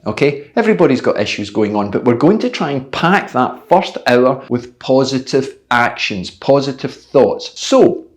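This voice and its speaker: Blunt jokey Scottish cycling coach. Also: male voice, medium pitch. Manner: blunt, jokey, motivational, swears casually. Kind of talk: direct-to-camera training video.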